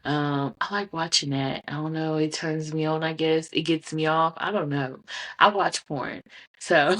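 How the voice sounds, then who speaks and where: Blunt, frank woman with a low voice. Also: fairly even intonation, measured pace, a bit bright. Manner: blunt, frank and laughing often. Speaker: podcast host. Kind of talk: casual candid chat to camera.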